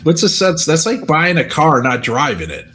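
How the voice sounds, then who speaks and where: A man's voice: fairly high pitch, very animated, moderate pace, crowd noise. A man co-hosting a live stream, chatting casually and telling rambling, joking stories. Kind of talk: casual chat.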